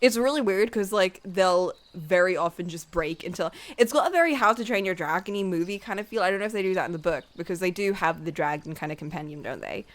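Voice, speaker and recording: A young woman streamer casually retelling a book she loves, animated, full of fillers and acted-out quotes. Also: on the low side, fast talker, few pauses. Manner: animated storyteller, lots of "like", acts out dialogue in quotes. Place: home room while drawing on stream.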